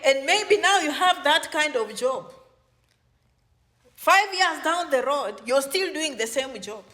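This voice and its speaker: Bright, high-voiced woman lecturing viewers. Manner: lecturing, rhetorical questions, direct address to viewer. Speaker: advice vlogger for immigrants. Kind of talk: motivational advice monologue.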